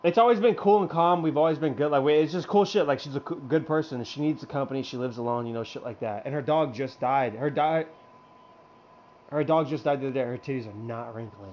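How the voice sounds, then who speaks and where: A young man spins a crude story among friends, looping back on himself with fillers and false starts. He laughs often as he talks, in a voice of middling pitch. Faint background noise sits under him. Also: fast talker, darkish tone. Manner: rambling, laughs often, lots of fillers and restarts. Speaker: regular in a hangout show.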